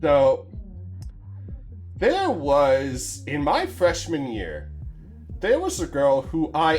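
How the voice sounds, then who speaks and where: A young man streaming, telling a rambling, profane, self-deprecating story in a casual way into a desk mic. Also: a little high.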